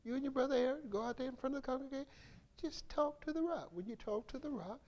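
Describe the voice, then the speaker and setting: A man voicing God as a patient, gentle speaker who talks softly and soothingly in a sermon. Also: extremely high pitch, fast. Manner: hushed, soothing, coaxing.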